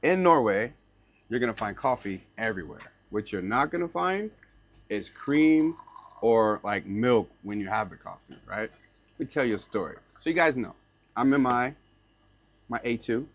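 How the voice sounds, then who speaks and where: A young man telling a story straight to his camera. He talks in a loose, slangy, animated way, leaning on "like" and "right?" as he goes. His voice sits at an ordinary middle pitch for a man. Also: moderate pace. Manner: slips into learner's Norwegian phrases. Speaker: vlogger.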